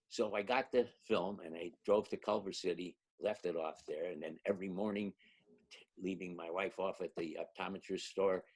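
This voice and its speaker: Older male actor, husky low voice, animated anecdote teller. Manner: animated storyteller, acts out quotes, laughs often. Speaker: actor guest. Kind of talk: anecdotal storytelling.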